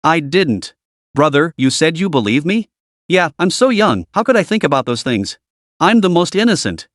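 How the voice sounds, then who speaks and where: A man's voice: on the high side, big pitch swings, normal speed, a bit bright, no room sound, studio quality. A man voicing a coquettish young mistress who plays innocent, whiny and sugary.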